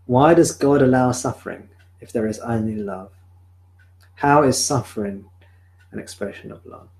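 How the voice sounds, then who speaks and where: A man, a spiritual teacher, speaking calmly and reflectively at a live-streamed home satsang into a sensitive desk microphone. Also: medium pitch, gravelly, a little hiss or hum, rough recording. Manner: calm, reflective, answers viewer questions slowly. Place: home room.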